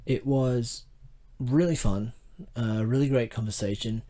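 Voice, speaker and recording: An Australian man hosts a casual podcast interview in a friendly, chatty way. He talks at an ordinary, mid-range pitch. His speech is loose and upbeat, full of fillers and restarts. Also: steady tone, measured pace, warm tone. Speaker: podcast host.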